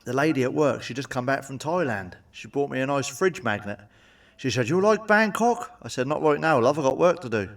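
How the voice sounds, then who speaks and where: A man's voice: medium pitch, fast talker, creaky, hardly any pauses, far from the mic. A man telling blunt, sweary stand-up jokes and tagging them with cheeky questions. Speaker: stand-up comedian. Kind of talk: stand-up joke monologue.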